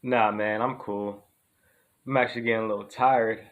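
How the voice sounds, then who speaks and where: A man's voice: lowish voice, steady tone, moderate pace, narrow, tinny audio. A man performing a comedy sketch dialogue, trading slangy, profane street banter.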